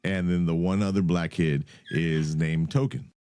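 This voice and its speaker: A man's voice: low-pitched, steady tone, unhurried, dark tone, slight background noise. A man co-hosting a casual movie podcast, laid-back and joking, often mimicking people he quotes. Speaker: podcast co-host. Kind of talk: casual movie review chat.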